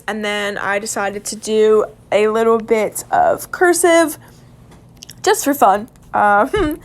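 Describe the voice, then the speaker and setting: A woman's voice: fairly high pitch, fairly bright tone. A young woman casually narrating a journal-drawing vlog in a chatty way, with lots of fillers and little laughs. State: hiccups. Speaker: vlogger.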